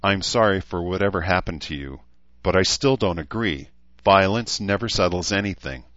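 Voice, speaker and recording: An indignant, idealistic young woman who argues back hard, as a male narrator puts her on. The voice stays very deep, and the sound is dry and slightly muffled. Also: expressive, normal speed, a bit bright, dry recording. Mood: earnest. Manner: indignant, challenging.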